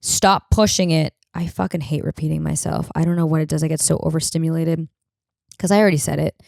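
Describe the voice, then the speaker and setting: A woman's voice: low-pitched, steady tone, fast, gravelly, darkish tone, no room sound, studio quality. A woman hosting a podcast, telling rambling comic stories in a blunt, profane, casual way. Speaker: podcast host. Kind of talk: casual comedic monologue.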